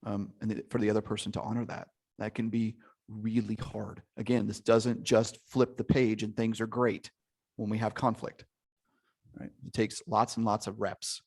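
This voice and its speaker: A man's voice: lowish voice, level tone, normal speed, darkish tone. A man hosting an online coaching workshop, talking conversationally and encouraging participants by name. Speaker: workshop host. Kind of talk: casual coaching talk to an online group.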